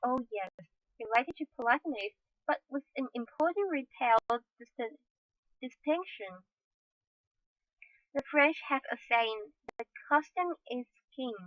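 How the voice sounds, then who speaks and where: A woman reading a scripted narration deliberately, often correcting herself mid-word. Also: high voice, a bit bright, no echo, lo-fi sound.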